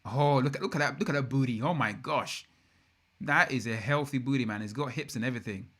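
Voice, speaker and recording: Excitable English man hosting a livestream. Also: mid-range voice, brisk. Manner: excitable, rambling, slangy. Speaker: livestream host. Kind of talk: casual livestream chat.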